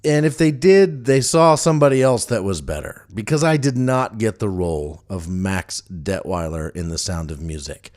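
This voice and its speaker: A man talks on his own podcast in a rambling, chatty way, pausing often on fillers and restarting his sentences. His voice sits a little low. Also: darkish tone. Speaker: podcast host. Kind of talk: casual solo podcast monologue.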